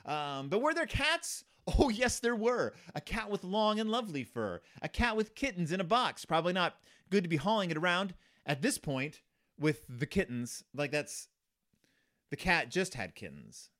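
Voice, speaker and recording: Rambling, lively-voiced male podcast host. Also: high voice, moderate pace. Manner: rambling, sarcastic, lots of fillers and restarts. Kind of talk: comedic book commentary.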